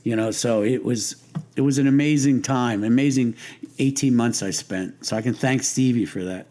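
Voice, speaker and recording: A man's voice: medium pitch, normal speed, dark tone. An older man being interviewed, telling long stories in a rambling, amused way, often restarting his sentences. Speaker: interview guest. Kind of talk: casual storytelling interview.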